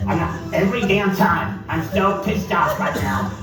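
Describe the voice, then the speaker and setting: A man voicing an angry sunbathing woman who keeps getting mistaken for a whale, shrill and swearing. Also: expressive, brisk, far from the mic. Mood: furious. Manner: shrill, indignant, swearing, laughing through it. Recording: echoey with loud music, off-mic.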